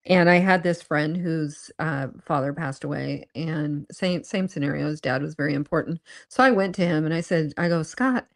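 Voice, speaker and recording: A woman co-hosting a podcast, earnestly sharing a personal story in casual chat, with halting restarts. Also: low voice, vocal fry. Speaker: podcast co-host.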